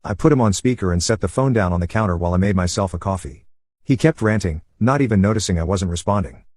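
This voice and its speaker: A man narrating a first-person story in an even, steady voice over gameplay. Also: low voice, fast talker.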